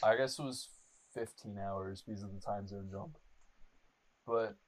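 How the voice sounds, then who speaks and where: A young adult man hosting a podcast, telling a rambling, animated story full of swearing and fillers like "like.". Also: lowish voice, measured pace, a crowd in the background, poor audio. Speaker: podcast host. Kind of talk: casual storytelling chat.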